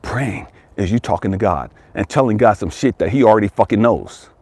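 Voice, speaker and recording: A man giving an impassioned motivational monologue as a life coach, profane and emphatic, repeating his phrases and dropping from loud to hushed. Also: fairly low pitch, expressive, fairly quick, husky.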